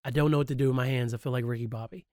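A man's voice: mid-range voice, steady tone, very fast, darkish tone, no room sound, clean studio sound. A man hosting a podcast, talking candidly and emphatically in a personal monologue, swearing freely. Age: adult, grew up past high school. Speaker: podcast host.

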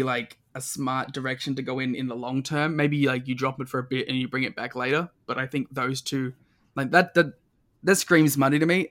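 A man with a mid-pitched voice guests on a podcast and talks matches in casual chat. He is enthusiastic but halting, and he leans on "like" as he works out his points. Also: fairly bright tone.

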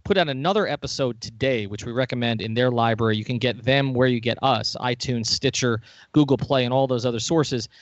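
A man hosting a podcast in casual chat, upbeat and quick to joke. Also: mid-range voice, no echo, lo-fi sound. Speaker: podcast host.

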